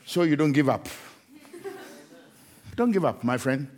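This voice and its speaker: A man's voice: fairly high pitch, animated, measured pace, a little mellow. A middle-aged man preaching a sermon, not a native English speaker, often slipping into sung, chanting refrains. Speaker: pastor.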